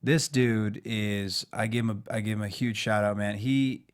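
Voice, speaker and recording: A man, a guest actor on a fan talk show, chatting casually and telling animated stories with playful impressions. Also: lowish voice, moderate pace. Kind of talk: casual chat.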